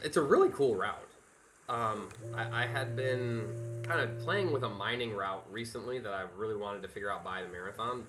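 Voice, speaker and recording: A man's voice: on the low side, fairly bright tone, slight background noise. A man commentating his live speedrun, nervous and apologetic, stammering and restarting his sentences.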